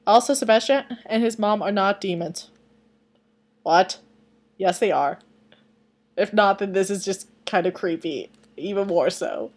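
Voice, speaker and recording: A woman's voice: mid-range voice, expressive, unhurried, darkish tone. A woman reading fan fiction aloud at her computer with rambling, self-deprecating asides and some mumbling, on a webcam mic. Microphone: computer webcam microphone.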